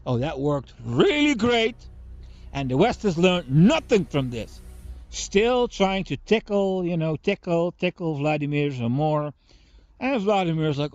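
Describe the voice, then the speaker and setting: A man delivering a profane, mocking political rant, swinging between loud outbursts and low muttering. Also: very animated, normal speed, soft background music. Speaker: political commentator. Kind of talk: ranting monologue. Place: Germany.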